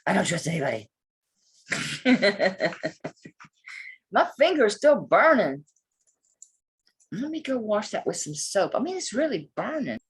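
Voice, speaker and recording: A woman's voice: medium pitch, sing-song, normal speed, husky. A middle-aged woman chatting casually and bluntly while selling jewelry online, swearing freely as she talks. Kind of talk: casual live sales chat.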